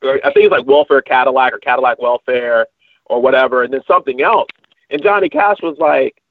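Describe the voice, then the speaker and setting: A man's voice: medium pitch, fairly quick, no room sound. A man co-hosting a podcast, chatting casually in a rambling way with many fillers and restarts. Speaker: podcast co-host. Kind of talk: casual chat. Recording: tinny phone-like line, dry.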